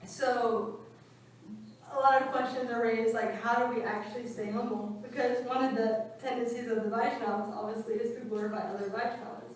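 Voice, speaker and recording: A woman's voice: on the high side, fairly even intonation, moderate pace, a little hiss or hum. Woman class speaker, storytelling style, echoey room and a mic set far away. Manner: storytelling with acted quotes. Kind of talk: scripture class talk. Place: temple room.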